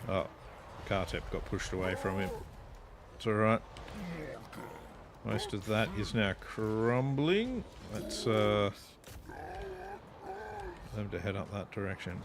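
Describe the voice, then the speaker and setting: A low-voiced Australian man with a gravelly, slightly fried edge, giving off-the-cuff commentary on a strategy game. He chats loosely, drops casual swears and talks to his units as he plays. A faint background noise sits under the recording. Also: lively intonation, takes it slowly, long pauses. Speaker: gameplay streamer.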